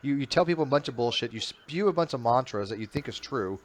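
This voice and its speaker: A man's voice: mid-range voice, animated. A man hosting a casual group video chat. He talks bluntly and teases the others. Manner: fast, blunt, teasing talker. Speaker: channel host.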